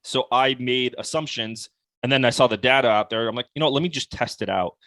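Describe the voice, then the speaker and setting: A young man talks through sales tactics in a relaxed, animated conversational way, filling his sentences with "like." His voice sits at an ordinary pitch. The recording is dry and close, with no room sound. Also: a little fast, dry recording. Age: young adult. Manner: casual, animated, heavy use of "like". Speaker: podcast guest, sales coach. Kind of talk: conversational podcast interview.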